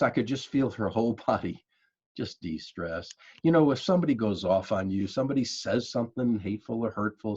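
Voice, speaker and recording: A lower-pitched man, slightly husky, delivers a folksy coaching talk on conflict with a lively, swooping delivery. He speaks straight to his listeners and calls them folks. The sound is dull and lo-fi. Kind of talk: motivational coaching talk to camera.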